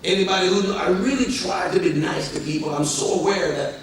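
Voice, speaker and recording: A man's voice: sits high, a little fast, a little hiss or hum. An American man preaching a sermon, telling a comic story animatedly and acting out dialogue. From United States. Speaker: pastor. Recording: echoey hall from far off with crowd.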